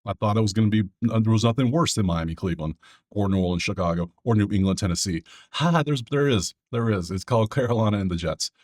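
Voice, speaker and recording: Low-voiced chatty sports betting guy. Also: a little mellow. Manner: loose, chatty, talks to himself, quick asides. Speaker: sports betting video host. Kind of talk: casual solo commentary over a screen.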